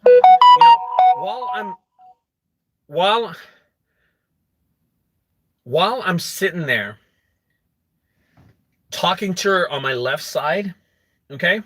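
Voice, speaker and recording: A young adult man who runs a junk removal business, telling a story to camera in an animated way and acting out quotes. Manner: animated, acts out quotes with rising pitch.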